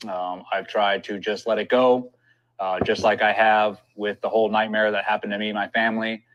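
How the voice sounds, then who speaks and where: A military veteran speaking in a personal video statement, measured and hesitant, often pausing on ums. His voice sits low. The audio is dull and lo-fi. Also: little pitch movement, a bit bright.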